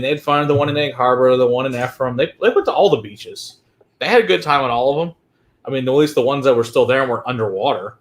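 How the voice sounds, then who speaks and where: A man co-hosting a casual chat, telling travel stories in a profane, animated way. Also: mid-range voice. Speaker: whiskey show co-host.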